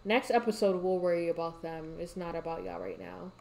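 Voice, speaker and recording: A woman's voice: fairly low pitch, fairly even intonation, brisk, creaky, a little mellow. A young woman, giving casual gameplay commentary, talking to the characters on screen and exclaiming in exasperation. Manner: exasperated, talks to game characters, frequent exclamations. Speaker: gaming YouTuber.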